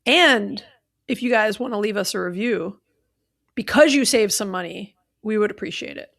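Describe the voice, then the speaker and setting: A woman's voice: medium pitch, moderate pace, gravelly, a bit bright. A woman in her thirties co-hosting a podcast in casual chat, chatty and full of fillers. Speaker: podcast co-host.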